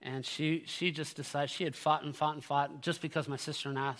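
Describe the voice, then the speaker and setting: A man's voice: fairly high pitch, flat delivery, brisk, fairly bright tone, in a large hall. A middle-aged man preaching a sermon to his church, earnest and calling out to the congregation. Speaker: pastor. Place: church sanctuary.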